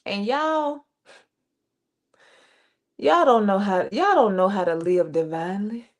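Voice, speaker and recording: A woman reverend hosting a livestream faith talk, speaking animated and direct to her listeners. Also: mid-range voice, slow pace. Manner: animated, addresses listeners directly, acts out quotes. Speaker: reverend and show host.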